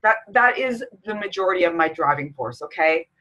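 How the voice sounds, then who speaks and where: Her voice on the low side, bright and forceful, a middle-aged Canadian fitness coach speaks briskly and animatedly to camera. In this personal vlog she is candid, emotional and near tears. The recording is muffled.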